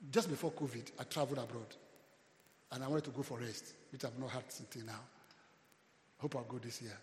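Nigerian pastor preaching in an echoey hall. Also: male voice, mid-range voice, fairly even intonation, brisk, a little hiss or hum. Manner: preaching with call-and-response, loud swells. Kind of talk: sermon.

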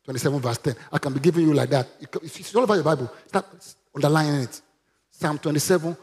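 A man's voice: on the high side, animated, fast. A man preaching a sermon, emphatic and calling on the congregation to repeat after him. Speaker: pastor.

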